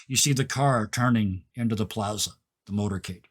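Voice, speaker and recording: A man narrating as game master of a tabletop game, descriptive and halting with fillers. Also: on the low side.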